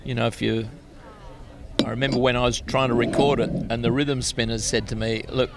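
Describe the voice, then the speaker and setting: Older Australian guest, chatty storyteller, self-mocking, medium pitch. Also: male voice, flat delivery, brisk, gravelly, very noisy. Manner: chatty anecdotal, laughs at himself. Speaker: guest musician. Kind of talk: casual interview storytelling.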